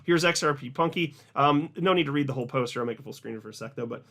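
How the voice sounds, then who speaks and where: A man hosting an online video, talking excitedly and emphatically, often repeating words for stress. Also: mid-range voice, rapid-fire. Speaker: crypto video host. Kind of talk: casual commentary to camera.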